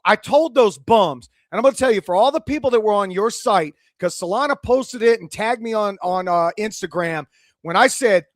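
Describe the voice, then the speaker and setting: A man's voice: high voice, expressive, moderate pace, no room sound, clean studio sound. A man in his forties hosting sports radio, talking with passion and some swearing. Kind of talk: excited sports radio talk.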